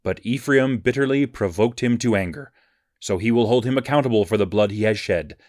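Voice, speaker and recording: A man giving a measured, scripted reading of Bible passages. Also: fairly low pitch, dry recording, studio quality. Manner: measured, even reading cadence. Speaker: scripture reader.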